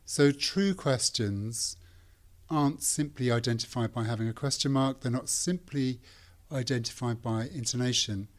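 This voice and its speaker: A man's voice: mid-range voice, normal speed. Podcast host: man asking probing questions with a dry wit. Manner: probing, dryly humorous questions. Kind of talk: interview conversation.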